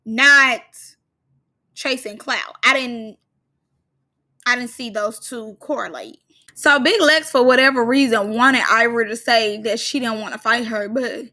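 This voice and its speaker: A young woman giving a sassy, slang-heavy recap of a reality show, now and then breaking into loud outbursts. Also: high-pitched. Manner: animated, sassy, slangy, bursts into shouts.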